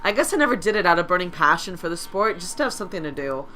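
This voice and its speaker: A woman hosting a let's play, reading visual novel narration aloud with wry, deadpan asides. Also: on the low side, very fast, over music.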